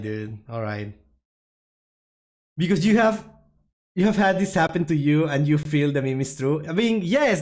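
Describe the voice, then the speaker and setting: Streamer, casual reaction chat, laughs a lot, self-mocking, animated pitch. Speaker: streamer reacting to viewer-suggested memes.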